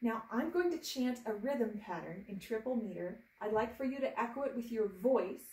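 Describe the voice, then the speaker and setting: A woman's voice: a little high, lively intonation, normal speed, warm tone, echoey room, distant mic. A woman teaching a piano lesson to students at home, patient and encouraging, walking through each step and chanting rhythm syllables. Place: room with a piano. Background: piano playing.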